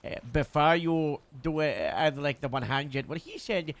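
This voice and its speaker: Gravelly, hesitant man as a police captain. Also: fairly high pitch, animated, a little slow. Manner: hesitant, full of uh and restarts. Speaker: police captain in role-play. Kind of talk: in-character role-play chat.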